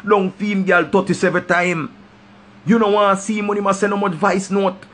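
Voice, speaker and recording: A vlogger with a Jamaican accent gives impassioned, preachy life advice straight to camera, repeating his points for emphasis. He speaks at normal speed in a high, level voice with a fairly bright tone.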